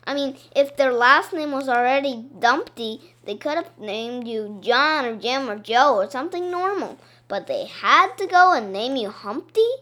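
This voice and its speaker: A woman's voice: high-pitched, animated, unhurried, hardly any pauses, sharp tone, heavily acted. A woman voicing a cheeky schoolboy who complains bluntly that things are boring. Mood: complaining. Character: cheeky, bored schoolboy narrator.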